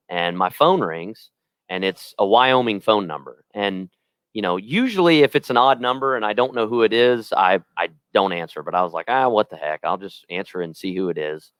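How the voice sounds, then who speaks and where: A man's voice: lowish voice, lively intonation, moderate pace, a bit bright, no echo. A young adult man, a rodeo announcer, telling earnest stories in casual podcast chat with lots of restarts. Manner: earnest storytelling with many restarts.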